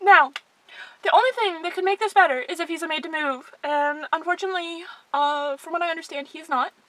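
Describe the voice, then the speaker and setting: A woman collector unboxing a doll in a vlog, gushing and squealing with excitement. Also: very high-pitched, fairly quick, dry recording.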